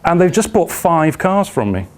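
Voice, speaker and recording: A man's voice: on the high side, sing-song, moderate pace, darkish tone, pitched above the performer's own voice. A man voicing a smug car dealer in a pointed, matter-of-fact way.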